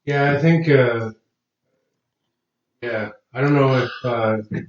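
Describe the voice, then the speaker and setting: A man's voice: medium pitch, steady tone, slow pace. A man co-hosting a podcast in casual chat, hesitant and full of "um" and restarts. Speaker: podcast co-host. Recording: distant, roomy, lo-fi mic.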